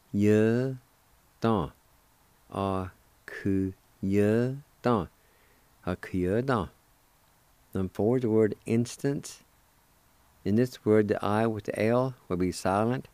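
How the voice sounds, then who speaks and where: A man's voice: sits low, mellow, dry recording. A middle-aged man hosting a radio language lesson, patiently spelling out and repeating each word syllable by syllable. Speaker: radio host teaching Cherokee words.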